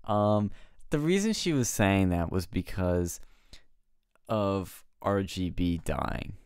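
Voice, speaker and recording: Male co-host, lowish smooth voice, dry close sound, animated storyteller. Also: slow, dry recording. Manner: animated storytelling, laughing, mimicking people. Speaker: podcast co-host. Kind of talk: casual chat.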